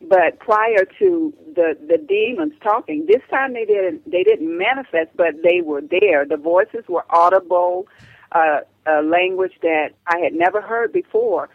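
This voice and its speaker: An older woman calling in as a radio interview guest, speaking earnestly and haltingly with frequent restarts. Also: lowish voice, expressive, dry recording. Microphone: telephone. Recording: dull, dry phone line.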